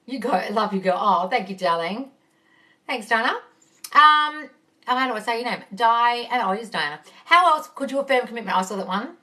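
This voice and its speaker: A woman's voice: on the high side, lively intonation, moderate pace, pushed and bright, distant mic. A woman coaching on a phone live stream, reading viewer questions aloud and answering them bluntly and casually, calling everyone darling and swearing freely. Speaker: manifesting coach.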